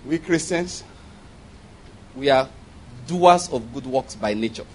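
A man preaching a sermon as a pastor, animated, with laughing asides and acted-out quotes. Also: mid-range voice, slow pace, a little hiss or hum, low-quality recording.

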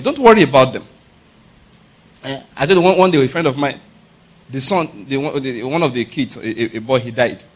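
A man preaches in a loose, conversational way, often checking in with his listeners through rhetorical questions. His voice sits a little high and carries a husky, breathy edge. He laughs easily between points. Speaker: pastor. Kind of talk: sermon.

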